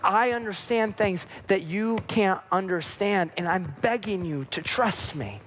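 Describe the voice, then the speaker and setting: A man's voice: high-pitched, unhurried, fairly bright tone, a little hiss or hum. A man voicing a compassionate savior figure who pleads earnestly. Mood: pleading.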